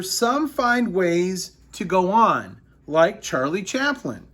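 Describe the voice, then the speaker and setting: A male teacher walks his class through a history lesson, speaking slowly and deliberately. He stumbles often, fills gaps with ums and uhs, and repeats key sentences for emphasis. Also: high-pitched, big pitch swings, fairly bright tone. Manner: slow, halting delivery with many fillers and repeated phrases.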